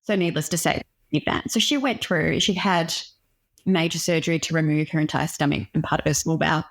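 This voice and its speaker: Woman, guest doctor; low-pitched, candid, reflective storyteller. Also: a little fast, vocal fry. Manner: earnest, reflective.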